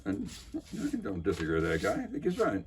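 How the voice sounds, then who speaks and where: A man's voice: on the low side, wildly swooping pitch, fairly quick, darkish tone, a little hiss or hum. A man casually recapping a local council meeting in a sarcastic, rambling way, full of fillers and restarts.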